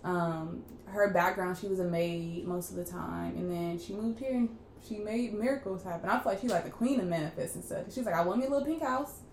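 A young woman co-hosting a podcast, chatting casually and acting out quoted lines with loud, laughing bursts. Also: lowish voice, brisk. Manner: animated storyteller, acts out quotes loudly with laughter. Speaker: podcast co-host. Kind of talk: casual chat. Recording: echoey room with faint background noise.

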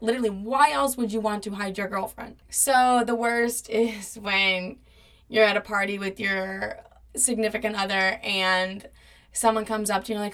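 Profane, animated young woman telling a story. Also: fairly high pitch, distant mic. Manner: blunt, profane, animated storytelling with acted-out quotes. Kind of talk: casual storytime monologue.

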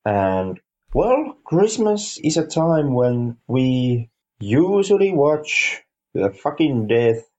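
A man co-hosting a podcast, reviewing a film in casual chat, halting and repeating words, with dry dark humor. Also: medium pitch, sing-song, highs cut off. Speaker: podcast co-host.

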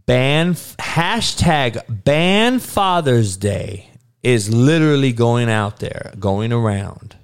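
A man ranting casually to his viewers, heated and profane, with slangy talk and stuttered restarts, dropping to low mutters and then bursting out loud. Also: lively intonation, takes it slowly, smooth. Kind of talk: casual profane rant to camera.

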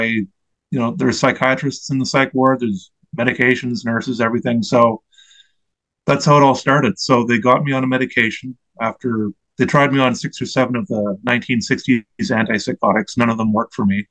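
A man's voice: mid-range voice, steady tone, a little fast, a bit bright, low-quality recording. A man in his forties, an interview guest and mental health advocate, telling his own story in an earnest, reflective way and searching for his words.

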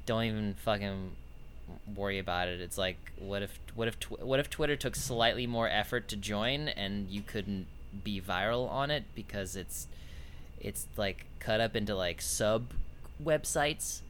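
Bright-voiced sardonic man podcasting. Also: fairly low pitch, unhurried, a little hiss or hum. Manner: rambling, sardonic, swears. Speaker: podcast co-host. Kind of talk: casual chat.

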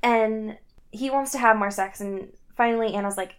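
A woman's voice: on the high side, moderate pace. A young woman casually recapping a story, laughing often and acting out the characters' lines. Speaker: co-host recapping a book. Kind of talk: casual chat.

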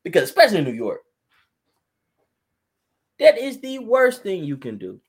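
Young man, casual storyteller; animated, laughing, acts out both sides of a call. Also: high-pitched, moderate pace, breathy edge. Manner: animated, laughs a lot, acts out phone calls. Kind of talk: casual chat.

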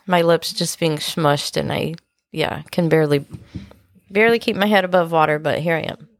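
A woman's voice: deep voice, fairly even intonation, moderate pace, no room sound. A woman co-hosting a marriage podcast with her husband, teasing and playful in casual chat. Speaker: podcast co-host.

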